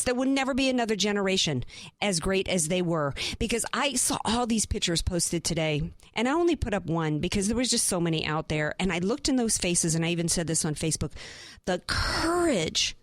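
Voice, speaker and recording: A woman's voice: medium pitch, expressive, a little fast, no room sound. A woman hosting a talk radio show, delivering an impassioned, emphatic monologue full of rhetorical questions from a studio.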